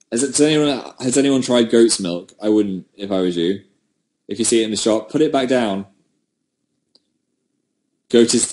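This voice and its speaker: A man with a mid-range, darkish voice hosts a casual livestream from home. Picked up by a webcam mic, he rambles and puts himself down while answering viewer comments.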